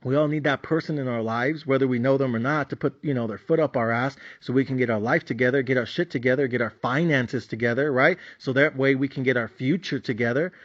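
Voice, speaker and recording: Profane, animated man ranting on a podcast. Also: fairly high pitch. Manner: profane, animated, repetitive storytelling. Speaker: podcast host. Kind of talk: comedic rant. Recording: slightly dull, dry lo-fi recording.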